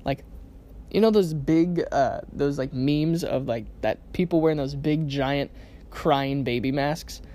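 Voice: medium pitch, a little slow, mellow. Give me a podcast host talking casually through self-help advice, checking in with "right?" a lot. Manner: conversational, keeps asking "right?".

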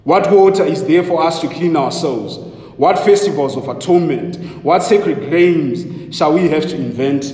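A man's voice: a little high, moderate pace, mellow, voice pushed up, lightly acted. A man reading aloud as a frantic male madman, asking question after impassioned question. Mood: anguished. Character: frantic lantern-bearing madman, male, anguished. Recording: echoey hall with long reverb.

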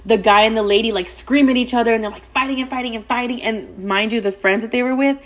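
A young adult woman hosting a podcast, telling a story in casual chat: fast, profane and gossipy, with "like" all through. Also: fairly high pitch, fairly even intonation. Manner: rapid, profane, gossipy, heavy use of "like". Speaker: podcast host.

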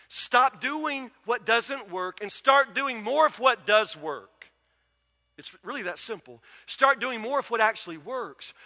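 A man's voice: very high voice, sharp tone. A man, preaching a sermon with folksy stories and emphatic repetition. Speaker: pastor. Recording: long reverb of a large hall.

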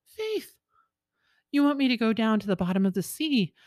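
A woman voicing a young male fisherman in a folktale, eager and excitable, exclaiming in sudden high bursts. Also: normal speed, no echo, clean studio sound, natural voice. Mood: startled. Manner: excitable, exclaiming, breaks upward in pitch.

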